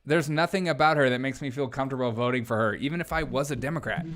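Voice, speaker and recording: A man's voice: medium pitch, quick pace, fairly bright tone. A man hosting a casual political live stream, joking and sarcastic, laughing often as he reacts to clips and chat.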